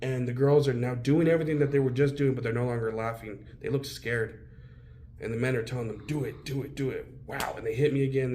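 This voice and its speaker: A man's voice: medium pitch, a little mellow, slight background noise. A man as an interview guest, telling his own story bluntly and with heavy swearing. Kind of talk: candid personal storytelling.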